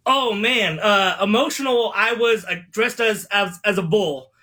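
Brief: lively man in his forties, high bright voice, acts out the quotes in his stories. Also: measured pace. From United States. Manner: animated storyteller, acts out quotes. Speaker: guest, former sports mascot. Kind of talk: casual radio interview storytelling.

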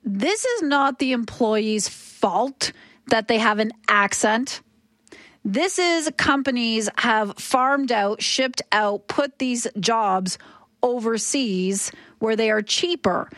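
A woman's voice: a little high, lively intonation, slow, fairly bright tone, no room sound, studio quality. A woman, arguing passionately and emphatically as a talk radio host. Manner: impassioned, emphatic.

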